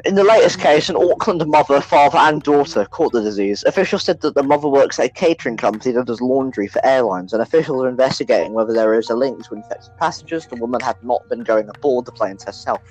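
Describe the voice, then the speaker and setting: A man's voice: mid-range voice, fast, hardly any pauses, darkish tone, soft background music, rough recording. A young man co-hosting a casual podcast, joking and swearing, reading a news report aloud between banter. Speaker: podcast co-host.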